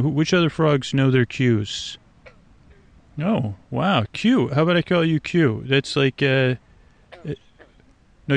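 Rambling man with a gravelly voice. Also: mid-range voice, dry recording. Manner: meandering, hesitant, many fillers and restarts, whimsical. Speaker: sleep podcast host. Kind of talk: rambling, drowsy monologue outdoors at night. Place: outdoors by a swamp at night.

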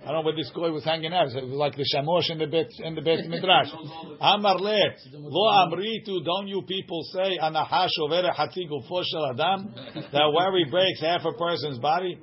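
Reading aloud to his study group, a Talmud teacher translates each line and checks in with "right?". His voice is a little high and fairly quick, and the recording sounds dull and lo-fi.

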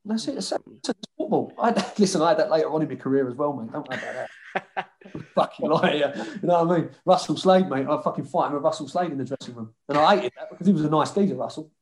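Man, former footballer, interview guest, swearing, banter, slightly high voice. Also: fast. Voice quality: swears freely, lively banter. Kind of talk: casual storytelling chat.

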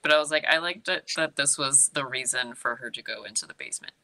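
A woman's voice: very deep voice, quick pace, pushed and bright. A young woman co-hosting a podcast, recapping a movie in a casual, giggly way and acting out the characters' lines. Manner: chatty, giggly, acts out quotes. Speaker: podcast co-host.

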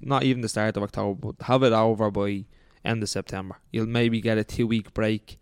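A man's voice: lowish voice, steady tone, fairly quick, clear, resonant tone, no room sound, clean studio sound. An Irish man co-hosting a football podcast, laying out his views at length in casual chat. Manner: laid-back, explains at length. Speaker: podcast co-host.

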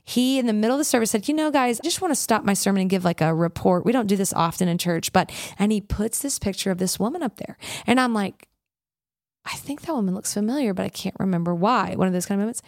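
A woman's voice: mid-range voice, quick pace, no echo. Woman worship leader chatting, tells stories w acted quotes, dry close sound. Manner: animated storyteller, acts out quotes, frequent "like". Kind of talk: casual storytelling interview.

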